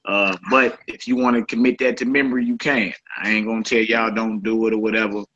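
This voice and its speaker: Chill guy running a study group, bright tense voice, dull lo-fi sound. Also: lowish voice, level tone, a little fast. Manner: laid-back, colloquial, repeats phrases. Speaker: Hebrew teacher. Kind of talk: casual group lesson. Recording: dull lo-fi recording.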